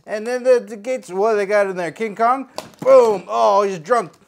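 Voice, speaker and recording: A man's voice: high-pitched, measured pace, gravelly. A man hosting an unboxing show, rambling playfully, tossing out jokey asides to the viewer and bursting into silly nonsense sounds. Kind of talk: goofy unboxing commentary.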